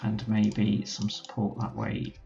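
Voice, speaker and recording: A man's voice: on the low side, monotone, slow pace, gravelly, warm tone, muffled recording, faint music behind. A man commentating a strategy game let's play, thinking aloud as he gives orders to his units. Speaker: gaming channel host.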